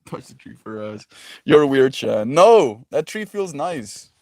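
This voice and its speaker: A young man talks casually to his stream, joking around and reading viewers' messages out loud. His voice sits at an ordinary male pitch and breaks into laughs now and then. The sound is dry and close, with no room echo. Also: big pitch swings, slow pace. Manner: reads chat aloud, laughs often, jokey. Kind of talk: casual live-stream chat.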